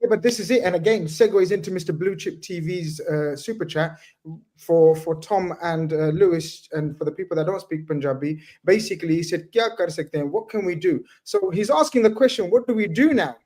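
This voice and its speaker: Emphatic, high-voiced host arguing football. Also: male voice, brisk, mellow. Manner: emphatic, repeats himself, swears. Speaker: show host. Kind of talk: heated casual football debate.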